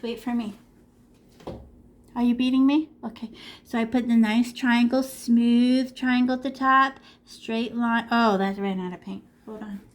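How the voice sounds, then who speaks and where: High, animated woman teaching kids. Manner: animated, encouraging, talks to kids. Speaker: art teacher. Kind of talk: online art class for children. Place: her room at home. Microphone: video call.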